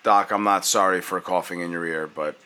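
A man's voice: sits low, steady tone, fairly quick, bright, forceful tone, clean tone. A man co-hosting a casual podcast about wrestling, laid-back and agreeable, swearing casually. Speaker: podcast co-host. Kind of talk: casual wrestling watch-along chat.

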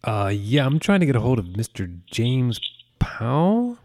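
Man, podcast co-host, average pitch, playful joking delivery. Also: sing-song, a little slow. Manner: jokey, playful banter. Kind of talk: casual chat.

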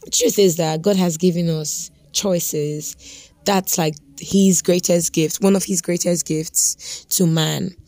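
A woman's voice: on the low side, a little mellow, dry recording. A young woman hosting a devotional podcast, talking earnestly and repeating her points for emphasis. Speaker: podcast host.

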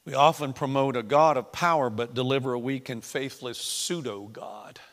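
A man preaching a sermon in a church, swinging between hushed, intimate lines and loud, emphatic ones. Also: medium pitch, normal speed. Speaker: pastor. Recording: echoey church hall.

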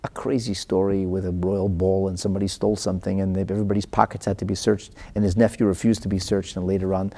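Man, religious studies teacher, storytelling, low gravelly voice, lively, dark husky tone. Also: quick pace, few pauses. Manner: animated storyteller, acts out voices. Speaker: Torah teacher. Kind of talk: storytelling lecture on religious texts.

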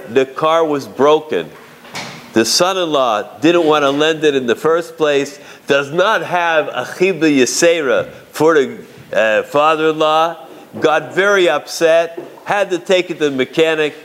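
A rabbi telling a story from his own work as an arbiter, in a lively manner with asides and restarts. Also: on the high side. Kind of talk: storytelling talk to an audience.

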